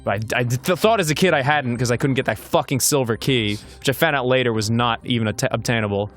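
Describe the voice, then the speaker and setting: A man's voice: mid-range voice, fast, a bit bright, soft background music. A man with an Australian accent, co-hosting a gaming show and chatting casually while he plays, rambling and swearing freely. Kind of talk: casual chat while playing a video game.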